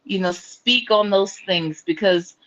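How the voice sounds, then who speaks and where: A woman co-hosting a casual livestream, talking in a sassy, drawn-out way. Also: medium pitch, fairly bright tone. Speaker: co-host. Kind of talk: casual live chat. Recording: dull, lo-fi audio.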